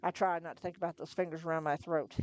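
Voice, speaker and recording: Brief: woman reader, lowish voice, steady first-person storytelling on a live stream, small slips corrected on the fly. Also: fast. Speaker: narrator, reader. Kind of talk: live reading of a novel, first-person narration.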